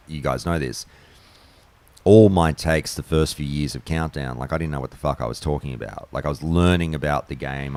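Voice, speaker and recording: A very deep, gravelly male voice, talking bluntly and swearing as he rambles through a casual live-stream chat. He wanders off mid-thought and comes back, plain-spoken and unfiltered. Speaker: streamer and podcast host.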